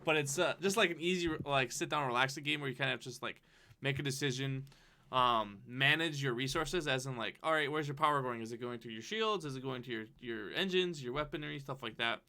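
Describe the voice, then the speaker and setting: A man's voice: mid-range voice, fairly quick, sharp tone. A man co-hosting a casual podcast, rambling with lots of fillers and frequent laughs. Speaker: podcast co-host. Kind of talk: casual chat.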